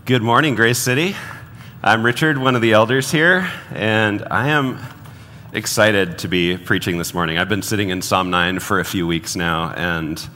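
A man's voice: fairly low pitch, normal speed, bright, forceful tone, a little hiss or hum. A man, an elder of the church, preaching a sermon and reading a book passage aloud in an earnest way. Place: church sanctuary. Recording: hall reverb with faint background ambience.

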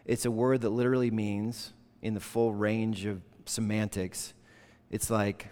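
A man preaching a sermon in an earnest, conversational way, slipping into animated quoted voices. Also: lowish voice, measured pace. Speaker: pastor. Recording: long reverb of a large hall.

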